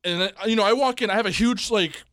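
A young man, co-hosting a casual sports podcast and telling an animated story in which he acts out the people in it. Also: sits high, quick pace, no room sound. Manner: animated storyteller, acts out quoted voices loudly. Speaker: podcast co-host.

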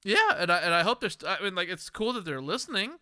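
A man's voice: high-pitched, animated, quick pace, a crowd in the background. A tipsy, tired man hosting a late-night podcast, rambling and emphatic, laughing and cursing. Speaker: podcast host. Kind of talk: casual drunk podcast chat.

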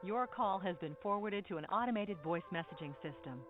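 A man's recorded voice as an automated voicemail system, with flat, formal prompts. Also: high voice, a little fast, music in the background. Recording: tinny phone line.

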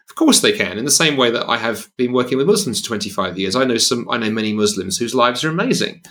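A man's voice: mid-range voice, expressive, fast talker, few pauses, a bit bright. A man speaking as a podcast guest, earnest and emphatic, often restarting his sentences. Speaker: guest, evangelist. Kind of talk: conversational podcast discussion.

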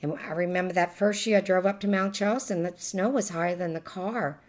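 A woman's voice: on the low side, a little fast, darkish tone. Older Louisiana woman with a Cajun accent, chatty interviewee who laughs often. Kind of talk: oral history reminiscing.

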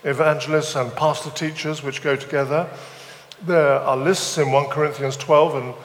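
A man's voice: fairly high pitch, steady tone, moderate pace, big-room sound, slight background noise. A man preaching a sermon, mixing scripture with humorous stories and self-deprecating asides. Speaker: visiting preacher. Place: church weekend away venue, large room.

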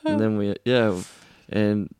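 A man, hosting a podcast in casual chat, telling stories quickly and swearing freely. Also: fairly low pitch, fairly even intonation, a little mellow, clean tone, no room sound. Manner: fast, swearing, storytelling. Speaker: podcast host.

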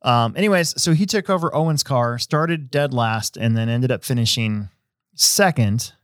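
A man hosting a casual podcast, talking in a rambling, relaxed way with many fillers and restarts. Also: medium pitch, normal speed, dry recording, clean studio sound. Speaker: host; hobby shop owner.

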